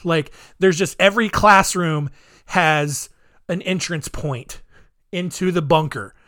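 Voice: mid-range voice, slow, a bit bright, no room sound, studio quality. A podcast host giving solo commentary in a rambling way, leaning heavily on filler words. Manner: rambling, heavy use of "like".

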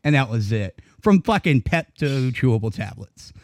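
A man co-hosting a casual podcast chat, telling a story in an animated, profane way and laughing often. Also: medium pitch, normal speed. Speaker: podcast co-host.

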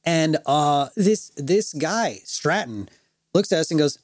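A man co-hosting a podcast and telling a story in an animated, laughing way, full of fillers. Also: fairly high pitch, slow. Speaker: podcast co-host. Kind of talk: casual storytelling chat.

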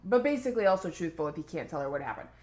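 A woman's voice: fairly low pitch, very animated, very fast, echoey room, a crowd in the background. A woman co-hosting a podcast, casually recapping a book in a chatty, rambling way with lots of "like.". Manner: chatty, rambling, heavy use of "like". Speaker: podcast co-host.

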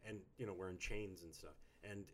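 A man in his thirties co-hosting a casual chat, playful and theatrical, swinging between quiet mumbles and loud outbursts. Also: low voice, steady tone, moderate pace, a little hiss or hum. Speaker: podcast co-host. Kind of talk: casual chat, reading listener notes.

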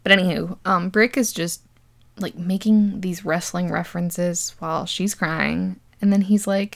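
A woman's voice: lowish voice, fairly even intonation, a little slow, creaky. A young woman hosting a podcast, casually recapping a movie with sarcasm, frequent laughter and plenty of swearing. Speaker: podcast host.

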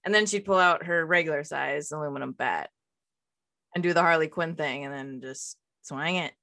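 A lower-pitched woman with a bright, forceful tone, joking around as a podcast co-host. Her talk is casual and playful. The sound is dry and close. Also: normal speed, creaky, no room sound. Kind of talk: casual chat.

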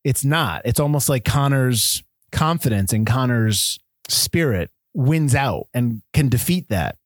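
A man's voice: medium pitch, animated, measured pace, no room sound. Man rambling about a film in a dry room. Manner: rambling, restarts often, acts out lines from the film. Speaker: podcast host. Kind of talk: casual movie discussion.

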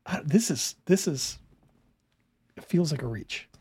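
A man's voice: fairly high pitch, expressive, unhurried, mellow, breathy edge, no echo. A man commenting casually on a video he is watching, interrupting it with incredulous, laughing rebuttals.

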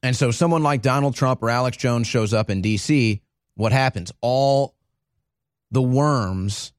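An emphatic male host delivering live commentary in a ranting, insistent way. His voice sits at a middle pitch. The sound is dry and close, with no room echo. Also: unhurried.

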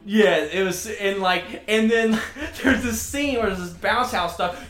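Excitable, laughing man in an echoey room. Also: high voice, normal speed, few pauses. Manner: excitable, laughs often, swears freely, rambling retellings. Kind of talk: casual chat.

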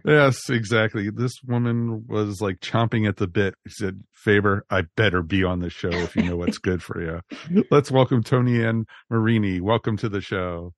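A man with a low, gravelly voice hosts a podcast in a casual, jokey and upbeat way, with plenty of "you know" fillers. He is recorded close and dry on a studio mic. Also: fairly even intonation, moderate pace, dry recording. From New Jersey. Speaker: podcast host.

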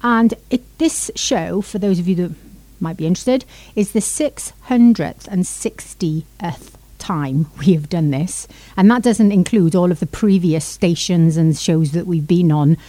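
A woman's voice: fairly low pitch, unhurried, mellow, dry recording. A woman from Wales with a Cardiff accent, hosting a radio music show in a chatty, rambling way. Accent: Welsh, Cardiff. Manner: chatty, rambling, laughs easily. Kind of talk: casual sign-off chat.

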